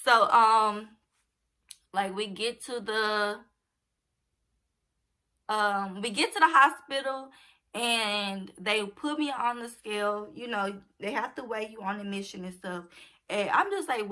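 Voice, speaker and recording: Bright-voiced young woman telling a story. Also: medium pitch, normal speed. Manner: animated, acts out quoted dialogue. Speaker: vlogger telling a personal story. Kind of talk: casual storytime chat.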